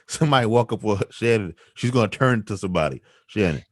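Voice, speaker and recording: A man co-hosts a news talk show, pressing his points with emphatic, rhetorical questions and quick restarts. His pitch swings widely, and the sound is close and dry. He talks with the drive of someone sure of his view. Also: lively intonation, dry recording. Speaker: co-host. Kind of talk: opinionated news commentary chat.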